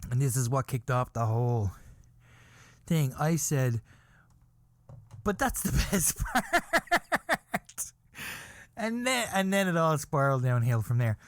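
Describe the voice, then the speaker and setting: A man's voice: mid-range voice, animated, a little slow, pauses often, no room sound. A man hosting a podcast, telling a rambling comic story about himself and often laughing at his own words. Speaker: podcast host.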